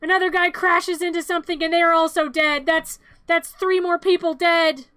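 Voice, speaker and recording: A woman streamer giving a comedic movie recap, playful, jumping into loud excited outbursts. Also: very high voice, moderate pace, no echo.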